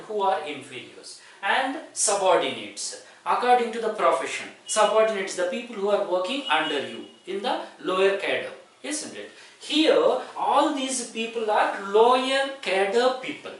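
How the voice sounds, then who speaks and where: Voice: mid-range voice, a bit bright. Echoey far-off teacher. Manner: repetitive, explaining step by step with many rephrasings. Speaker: English teacher. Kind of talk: explanatory lecture.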